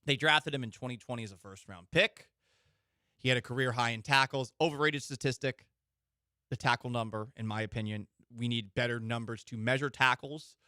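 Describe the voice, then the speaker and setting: A man hosting a sports radio show, talking in an animated, joking way with rambling asides. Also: mid-range voice, a little fast, clear, resonant tone, no room sound, studio quality.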